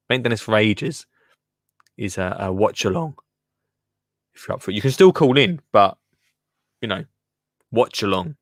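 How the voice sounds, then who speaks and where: A man's voice: on the low side, fairly bright tone, dry recording, studio quality. A man hosting a podcast in a casual, rambling chat, often repeating words and restarting sentences. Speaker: podcast host.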